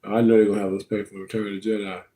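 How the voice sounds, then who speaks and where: Speaking very fast in a flat, dark-toned voice, this livestream host talks casually with his audience. He calls them y'all and breaks into high, sing-song bits.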